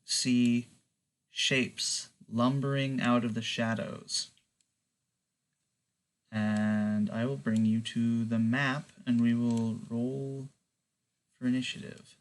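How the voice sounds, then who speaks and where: A man narrating and running a tabletop game as game master, relaxed and unhurried, with fillers. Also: medium pitch.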